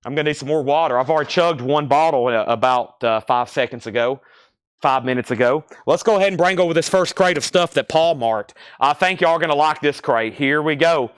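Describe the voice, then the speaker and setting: A man hosting a live record sale, briskly reading off buyer names and prices, out of breath. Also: fairly high pitch, clean tone, no room sound. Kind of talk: live-stream sales patter.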